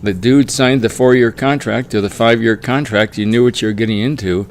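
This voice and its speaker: A man's voice: mid-range voice, fairly even intonation, brisk, slight background noise. A middle-aged man giving his casual, opinionated take in a solo monologue. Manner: opinionated, mocks players in whiny quoted voices. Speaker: sports commentary vlogger.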